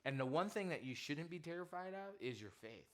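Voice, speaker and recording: A man preaching to students as their youth pastor, telling a comic story in an animated way and quizzing the audience. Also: on the high side, brisk.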